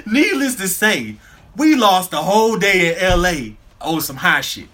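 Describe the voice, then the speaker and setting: Male co-host, high bright voice, animated slangy storyteller in a casual chat. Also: moderate pace. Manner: animated storyteller, laughs through punchlines, slangy.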